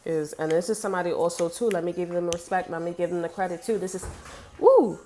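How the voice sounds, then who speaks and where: A woman with a low voice gives a casual tarot reading straight to the viewer. She is blunt and sassy and swears freely. A faint hiss sits under her voice. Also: fairly even intonation, fast talker, mellow. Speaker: tarot reader.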